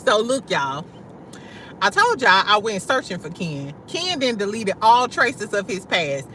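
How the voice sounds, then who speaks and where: A young woman from St. Louis hosting a casual livestream, talking loud and slangy, swearing freely and laughing often as she answers her chat. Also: mid-range voice, sing-song, measured pace, slight background noise. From St. Louis, USA. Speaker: livestream host.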